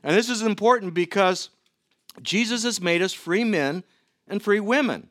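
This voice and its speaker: A middle-aged man preaching a sermon to his church, earnest and given to halting restarts. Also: sits high, fairly bright tone, no echo, studio quality. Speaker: pastor.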